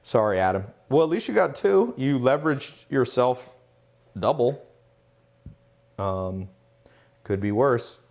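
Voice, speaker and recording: A man's voice: medium pitch, very animated, slow pace, creaky, long pauses, darkish tone. A man hosting a casual live Q&A, reading out viewer questions and answering them in a confident, emphatic, lecturing way with rhetorical questions. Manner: reads out chat questions, then answers.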